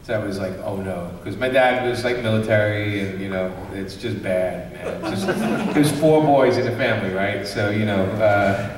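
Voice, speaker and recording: A man from Brooklyn, a comics creator hosting a convention panel, tells a funny story in a loose, animated way and acts out the voices of the people in it, laughing often. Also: on the low side, moderate pace, hardly any pauses, crowd noise. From Brooklyn, New York. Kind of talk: casual storytelling to a live audience. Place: large convention panel room. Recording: echoey hall, distant mic.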